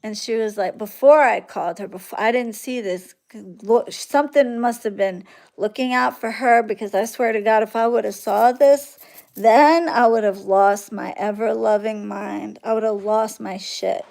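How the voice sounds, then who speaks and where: A woman from Florida, a spiritual practitioner, tells her clients a story in a blunt, profane and animated way. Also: on the high side, moderate pace, gravelly. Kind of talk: casual storytelling monologue.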